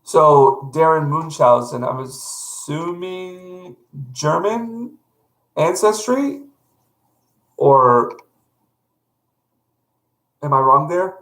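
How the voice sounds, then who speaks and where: A man's voice: fairly high pitch, lively intonation, drawn-out words, pauses often, a bit bright. A middle-aged man from North Carolina, chatting casually with stream viewers in a rambling, self-correcting, friendly way. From North Carolina, USA. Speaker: live art streamer. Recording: echoey room.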